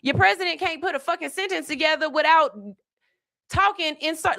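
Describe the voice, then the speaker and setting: A woman's voice: extremely high pitch, fairly quick, creaky, sharp tone. A woman hosting a podcast, delivering blunt, profane, emphatic commentary in a casual style. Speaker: podcast host.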